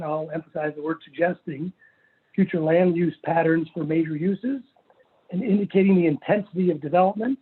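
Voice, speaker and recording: A man's voice: on the high side, husky. A man presenting his case at a city planning hearing, reading and stressing passages from a plan in an earnest, methodical way over a video call. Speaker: property owner applicant. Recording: phone-like virtual meeting audio.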